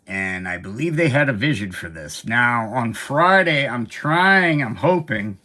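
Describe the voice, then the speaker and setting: Male host, bright forceful tone, casual rambling collector chat. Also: medium pitch, unhurried. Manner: rambling and animated, with fillers and side remarks.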